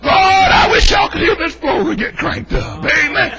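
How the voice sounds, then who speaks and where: A middle-aged man with a Southern US accent preaching a fiery, folksy sermon, shouting and whooping with exclamations. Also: very high voice, very animated, normal speed, very noisy. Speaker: Baptist preacher. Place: church sanctuary.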